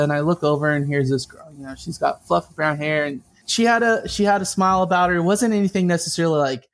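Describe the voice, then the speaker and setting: A man with a somewhat raised voice spins a long personal story in casual conversation. He talks in an animated, chatty way and keeps breaking off for little asides. The tone stays loose and unscripted. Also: fairly high pitch, fast, hardly any pauses. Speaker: guest telling a personal story.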